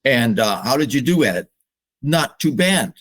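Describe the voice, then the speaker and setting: An older man, a psychologist guest on a podcast, speaking slowly and reflectively with open emotion. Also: mid-range voice, sing-song, a bit bright. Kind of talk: podcast interview.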